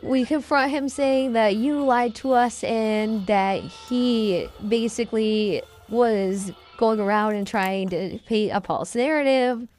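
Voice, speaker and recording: A woman talking straight to her viewers in a casual vlog monologue. Her voice sits a little high, and she tells her story bluntly, step by step. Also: slow pace, hardly any pauses, a little mellow, faint music behind. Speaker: streamer telling her side of a dispute.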